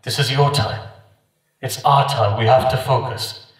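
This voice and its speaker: Man, impassioned sermon, repeated refrains, mid pitch, heavy echo, off-mic. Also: steady tone, a little slow. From United Kingdom. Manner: rhythmic, repeating refrains, rising and dropping for emphasis. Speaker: speaker at a mourning gathering. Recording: very echoey, voice from a distance.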